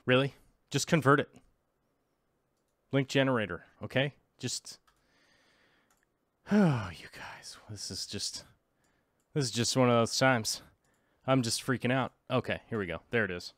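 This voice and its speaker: A man's voice: mid-range voice, expressive, a little slow, long pauses, a bit bright, dry recording, clean studio sound. A man chatting casually in a vlog, rambling and scatterbrained as he interrupts himself while looking things up. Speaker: aquarium hobby vlogger. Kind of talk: casual vlog chat while browsing links.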